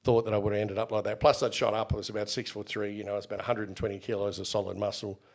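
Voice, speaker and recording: A man's voice: fairly low pitch, rapid-fire. A middle-aged Australian man in a casual interview, telling stories and acting out the people in them. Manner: animated, acts out quoted exchanges. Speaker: interview guest, former bodyguard.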